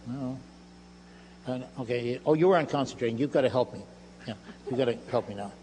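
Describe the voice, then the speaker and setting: A man's voice: mid-range voice, brisk, mellow. An older man giving a live stage lecture with magic demonstrations, in playful, self-mocking showman patter. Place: lecture hall stage before an audience. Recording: live hall recording with faint hum. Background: audience laughter.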